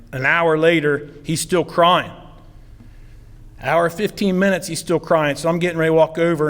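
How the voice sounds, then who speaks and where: A middle-aged man from southeastern Ohio speaks at a ceremony as a football coach, in a slightly high voice. He tells his stories in a rambling, heartfelt way, full of fillers. A long hall reverb hangs behind every phrase. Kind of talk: acceptance speech.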